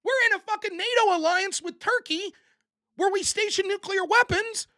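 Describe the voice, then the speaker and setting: A man's voice: very high voice, pushed and bright. A man hosting his own political commentary show, delivering a sarcastic, profane, combative solo rant and mocking his opponents.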